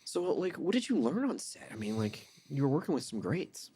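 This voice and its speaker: A man's voice: fairly high pitch, big pitch swings, a little fast, warm tone, slightly rough. A man hosting a podcast, chiming in with short follow-up questions. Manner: brief interjections and follow-up questions. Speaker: talent agent host. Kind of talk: casual podcast interview.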